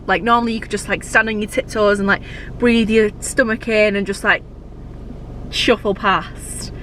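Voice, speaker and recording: A heavily pregnant young vlogger chats casually and gushes, letting slip the odd swear. Her voice is medium-pitched and a bit bright, with a little hiss or hum in the recording.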